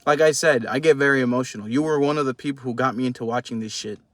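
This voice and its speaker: A man's voice: mid-range voice, fast talker, no room sound. A young man giving heated, profane post-fight boxing commentary in a casual vlog. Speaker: boxing vlogger.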